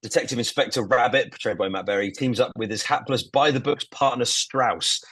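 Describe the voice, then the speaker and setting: A man's voice: mid-range voice, brisk, a bit bright, husky, no room sound. A man co-hosting a podcast, enthusiastically recounting a comedy show and swearing freely. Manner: enthusiastic, swearing, acting out scenes. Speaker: podcast co-host. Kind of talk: casual podcast chat.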